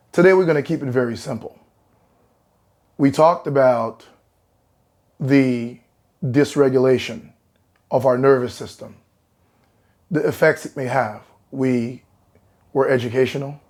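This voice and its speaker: Slow, soothing male hypnotherapist. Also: mid-range voice. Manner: slow, soothing guided instructions; calm, gently encouraging. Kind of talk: guided relaxation.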